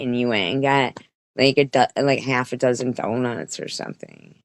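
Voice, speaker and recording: A woman's voice: very deep voice, moderate pace, dry recording. A woman streamer giving a rambling, profane commentary rant, with many restarts and quoted voices.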